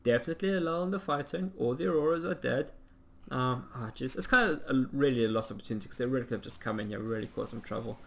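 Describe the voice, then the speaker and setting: A man giving casual play-by-play commentary on a strategy game, chatty and rambling with plenty of ums, and quick to poke fun at himself. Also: medium pitch, gravelly. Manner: self-mocking humor. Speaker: game caster.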